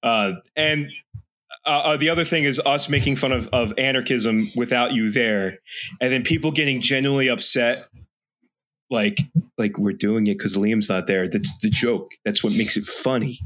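A man with a Philadelphia accent, co-hosting a casual podcast in a loud, profane, ranting way. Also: medium pitch, moderate pace. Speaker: podcast co-host; teacher. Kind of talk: casual chat.

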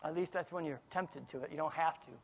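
A man, a pastor, preaching a sermon, swinging from quiet asides to loud outbursts. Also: on the high side, fast talker, vocal fry, slightly rough.

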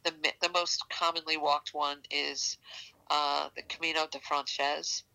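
A woman in her sixties with a New York accent, a guest in an interview, talking in halting sentences full of fillers as she searches for words. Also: low voice, flat delivery, gravelly, pushed and bright, clean tone, poor audio. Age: 60s. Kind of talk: casual interview conversation.

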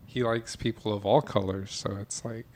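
A man's voice: on the low side, steady tone, normal speed, a little mellow. A man guesting on a podcast, chatting casually and hesitantly between giggles. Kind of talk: casual chat.

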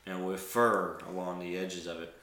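A man narrating as game master of a tabletop game, describing scenes in a relaxed, loose way that often breaks into laughter. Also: deep voice, moderate pace, roomy sound, a loud crowd.

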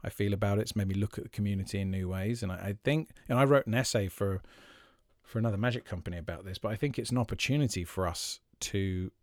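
A man's voice: lowish voice, no room sound. Reflective male podcast host, dry sound. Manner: thoughtful, halting, many fillers and restarts. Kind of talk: reflective solo podcast talk.

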